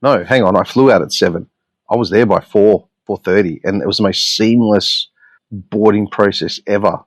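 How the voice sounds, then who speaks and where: A man's voice: on the low side, normal speed, no room sound. An Australian man hosting a solo podcast, telling stories in a blunt, profane, exasperated way. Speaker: podcast host.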